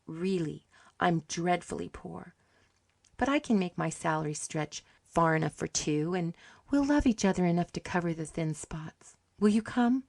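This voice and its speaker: A woman voicing a gentle, poor young woman who speaks softly and tenderly. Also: on the low side, normal speed, creaky, no room sound.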